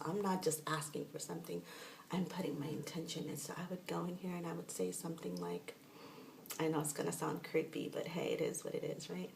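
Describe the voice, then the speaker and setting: A woman's voice: fairly low pitch, vocal fry, a little mellow. A woman talking through a spiritual practice in a casual, rambling way, often restarting her sentences. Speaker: spiritual teacher. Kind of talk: casual guided instruction. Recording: roomy echo, mic at a distance, faint noise.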